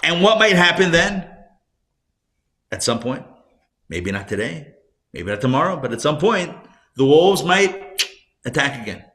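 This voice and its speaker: Rabbi guy joking his way through a class, bright voice, asks the room stuff. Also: on the high side, measured pace, long pauses. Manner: playful, jokey, animated, asks the class questions. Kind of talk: lively live class lecture. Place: classroom recorded live.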